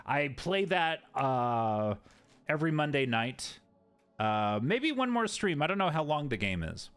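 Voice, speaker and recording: A man's voice: a little high, sing-song, unhurried, fairly bright tone, clear, resonant tone, faint music behind. A man streaming a game and chatting playfully, riffing on jokes from his chat.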